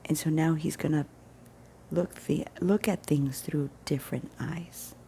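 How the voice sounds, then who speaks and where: A woman with a low, gravelly, mellow voice tells a personal story straight to camera. She speaks earnestly and with emphasis, often sinking into a hushed near-whisper. A faint hum of noise sits behind her. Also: steady tone, unhurried. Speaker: vlogger. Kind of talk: casual vlog storytelling.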